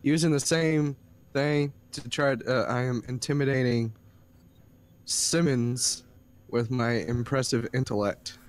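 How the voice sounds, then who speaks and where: A man's voice: medium pitch, steady tone, a little slow. A man playing in an online tabletop game, playful and a little hesitant as he works out what his character does. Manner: playful, hesitant, stumbling over ideas. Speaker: player. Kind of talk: tabletop role-play chat.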